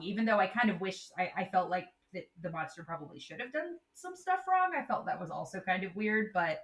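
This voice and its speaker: A woman's voice: medium pitch, lively intonation, a little fast, hardly any pauses, echoey room. A woman co-hosting a casual book discussion, chatty and thinking aloud with lots of fillers. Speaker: podcast co-host.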